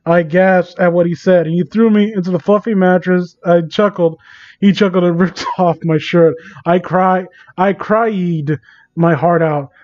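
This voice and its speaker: Brief: high-voiced man, comic dramatic reading with incredulous asides, muffled lo-fi recording. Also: fairly even intonation, unhurried, no room sound. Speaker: host reading fan fiction aloud. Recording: dull lo-fi recording.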